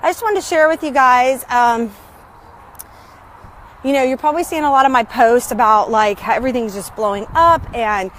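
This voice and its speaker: A middle-aged business coach records an upbeat, chatty motivational vlog on her phone outdoors in her neighborhood, greeting neighbors mid-talk. Her voice is on the high side, a bit bright, at normal speed, with a little hiss or hum in the audio.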